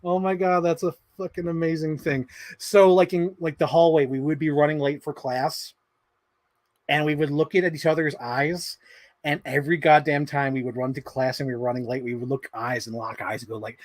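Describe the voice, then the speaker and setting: A man's voice: a little high, no room sound. A man in his thirties hosting a livestream, reading his yearbook signings aloud, laughing, swearing and getting sidetracked, a bit out of breath. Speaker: livestream host.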